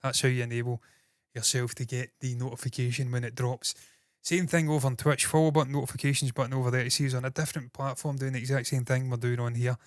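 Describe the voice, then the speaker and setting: A man's voice: medium pitch, flat delivery, quick pace, no echo, clean studio sound. A man hosting a casual solo entertainment news livestream, rambling and swearing freely as he chats to viewers. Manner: rambling, profane and self-deprecating.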